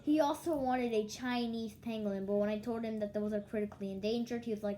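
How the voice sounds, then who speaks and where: A woman's voice: medium pitch, fairly even intonation, fast, few pauses, mellow, rough recording. A young woman vlogging from home, telling a rambling story in a sleepy, yawning voice, often restarting and acting out what others said.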